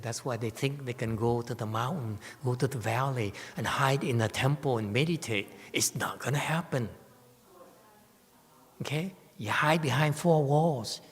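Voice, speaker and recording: A man's voice: mid-range voice, measured pace, husky. Guy giving a buddhist dharma talk, lots of "yes?" and "okay?" questions to the room, long echoey hall. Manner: animated storytelling with rhetorical questions. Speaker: Buddhist teacher. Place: temple hall.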